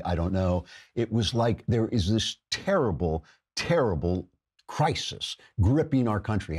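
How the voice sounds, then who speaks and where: A husky, fairly low-voiced man delivers a political commentary monologue as the show's host. His tone is sarcastic and mocking, and his pitch swings widely from low grumbles up to high, incredulous jabs. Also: a little mellow. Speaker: podcast host.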